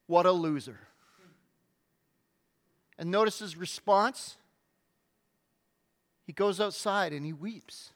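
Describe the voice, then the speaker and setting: A middle-aged man preaching a sermon as a pastor, telling stories dramatically with emphatic pauses. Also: high-pitched, a bit bright.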